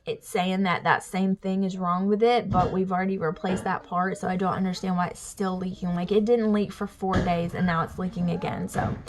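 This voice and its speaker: A woman's voice: on the low side, little pitch movement, moderate pace, hardly any pauses, background noise. A young woman with a Southern Alabama accent, chatting casually to her vlog camera at home with lots of fillers. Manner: chatty, rambling, says y'all and like a lot. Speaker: family vlogger. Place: home, near kids in the bath.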